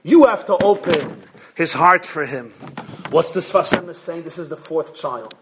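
A man, a rabbi, giving a sermon in an animated storytelling way, acting out voices and jokes along the way. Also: fairly high pitch, unhurried, a little hiss or hum. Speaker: rabbi giving a Torah class.

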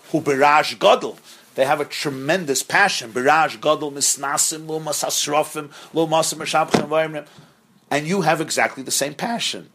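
A middle-aged man gives a Torah lecture to a live group in a husky, somewhat breathy voice. He teaches emphatically, repeating key words in threes and slipping into quoted voices to act out his points. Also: a little high, fairly bright tone. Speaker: rabbi teaching a class.

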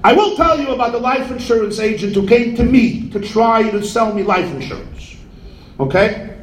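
A man's voice: sits high, expressive, normal speed, roomy sound, a little hiss or hum, poor audio. A man giving a humorous sermon as a rabbi, telling stories and jokes sprinkled with Yiddish words.

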